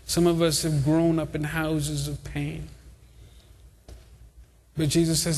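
A man's voice: fairly high pitch, flat delivery, slow, pauses often, a little mellow. A man preaching a sermon to a congregation, with an impassioned, repetitive cadence. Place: church hall. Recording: long hall reverb.

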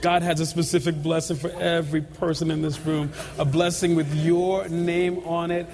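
A man's voice: fairly high pitch, flat delivery, normal speed, darkish tone, slight background noise. A middle-aged male pastor giving an altar call and leading prayer, earnest and pleading, often repeating phrases. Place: large church sanctuary. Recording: reverberant hall with faint ambience.

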